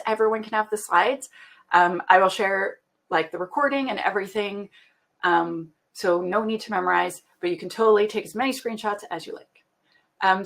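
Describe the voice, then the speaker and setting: A woman's voice: mid-range voice, creaky. A Canadian woman presenting a webinar in a chatty, casual way, laughing often and using lots of fillers.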